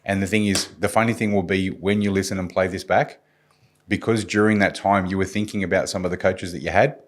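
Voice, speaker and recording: A man's voice: low-pitched, steady tone, brisk, a little hiss or hum. A man speaking as a guest expert on a podcast panel, explaining communication with a confident coaching manner. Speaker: guest security and communication specialist.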